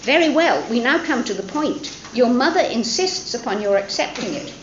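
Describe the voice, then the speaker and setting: Woman reading wry older gentleman, rueful, measured, dry irony, lively pitch, roomy sound. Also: muffled recording, a little hiss or hum, lightly acted. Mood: dryly ironic.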